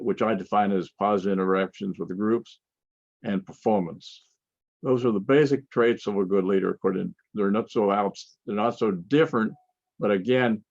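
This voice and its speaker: An older man giving a conference lecture with slides, talking in a halting way with frequent restarts and fillers. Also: medium pitch, gravelly, a little mellow, dry recording, highs cut off. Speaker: conference speaker.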